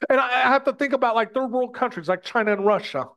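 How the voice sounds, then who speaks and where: A man's voice: very high-pitched, fast, fairly bright tone. A man from the United States preaching a sermon in an impassioned way, often stumbling and repeating his words as he addresses his brothers and sisters.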